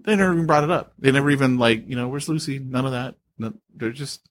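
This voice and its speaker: A man co-hosting a podcast in casual chat, emphatic and animated, often saying "dude". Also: medium pitch, quick pace. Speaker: podcast co-host.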